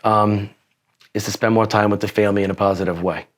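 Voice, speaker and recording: Man, forties, interview guest, rambling storyteller, swears a lot, lowish voice. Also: fairly even intonation, fairly quick. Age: 40s. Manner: rambling, profane, many restarts. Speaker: podcast guest.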